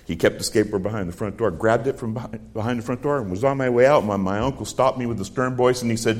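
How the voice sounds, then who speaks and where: A man's voice: medium pitch, fast talker, hardly any pauses, a little mellow. Middle-aged guy preaching, earnest, tells stories, quotes people. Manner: earnest storytelling with quoted dialogue. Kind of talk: sermon.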